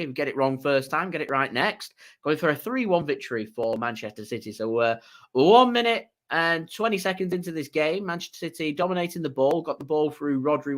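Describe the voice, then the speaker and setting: A man's voice: mid-range voice, a bit bright. A man hosting a fan channel's live match watchalong, chatting with viewers and giving play-by-play commentary. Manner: chatty, reads out viewer messages, laughs easily. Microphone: desk microphone.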